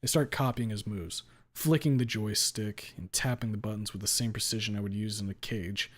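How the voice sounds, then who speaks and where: A man reading a first-person story aloud with a blunt, deadpan delivery and casual swearing. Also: fairly low pitch, normal speed. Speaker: story reader.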